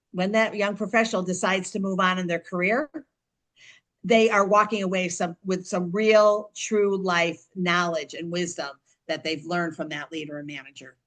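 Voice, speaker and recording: A middle-aged woman, an author and guest on a podcast, talking in animated bursts and often restarting or repeating her words. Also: on the low side. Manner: speaks digits slowly and deliberately. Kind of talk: conversational interview.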